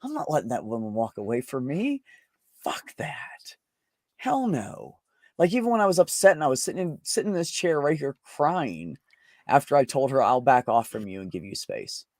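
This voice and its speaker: A man's voice: mid-range voice, very animated, fairly quick, darkish tone, no room sound, clean studio sound. A man candidly telling a personal story in casual conversation, blunt and emotional, swearing often. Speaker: podcast host.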